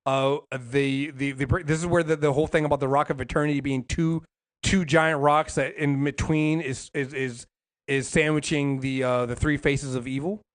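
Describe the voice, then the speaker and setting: A man's voice: mid-range voice, steady tone, normal speed. A man co-hosting a casual podcast, talking in long rambling runs with many restarts and some swearing. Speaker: podcast co-host. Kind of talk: casual comics podcast chat.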